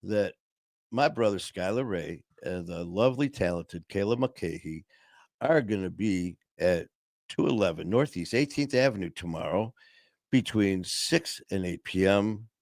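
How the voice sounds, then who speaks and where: A man's voice: low voice, lively intonation, unhurried, no room sound, clean studio sound. A middle-aged man hosting a podcast, telling stories in casual chat and laughing often. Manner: storytelling, laughs often, acts out voices in anecdotes. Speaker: podcast host.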